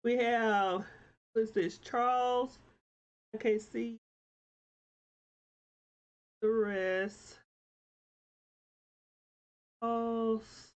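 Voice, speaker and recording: A woman host on a live stream, calling out viewers by name and urging them on like a preacher. She talks slowly and sits a little high in pitch, and the computer audio is somewhat dull and lo-fi. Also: steady tone. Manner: warm encouraging, churchy preacher-like exhortation. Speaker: talk show host.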